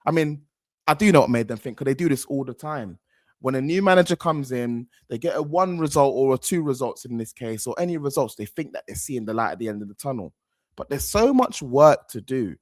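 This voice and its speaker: Lively, rambling male football vlogger. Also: mid-range voice, brisk, no echo, studio quality. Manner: rambling, animated, repeats himself, slangy. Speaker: football channel host. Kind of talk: casual reaction commentary.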